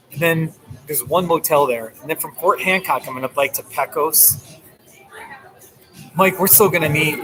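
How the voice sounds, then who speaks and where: A man with a somewhat high voice chats loosely with viewers on a live stream, greeting them and laughing often. He records in a coffee shop, and clear music plays behind him. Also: rough recording. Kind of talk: casual live-stream chat. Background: music playing.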